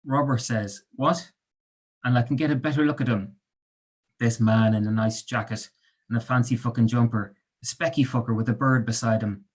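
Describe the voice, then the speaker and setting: A male author who talks calmly and thoughtfully with some fillers, then reads his own story aloud. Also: medium pitch. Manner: calm, thoughtful, halting with fillers when chatting.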